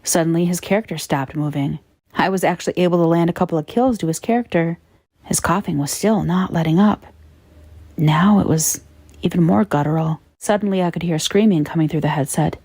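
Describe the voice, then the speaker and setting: A woman narrating a horror story in a measured, grave tone. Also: lowish voice, a little mellow, no room sound, studio quality.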